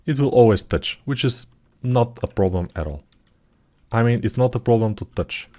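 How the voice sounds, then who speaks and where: A man talking through his 3D sculpting work in a live tutorial, thinking aloud in a relaxed, self-deprecating way, with typing heard behind him. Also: medium pitch, moderate pace. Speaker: 3D artist tutor.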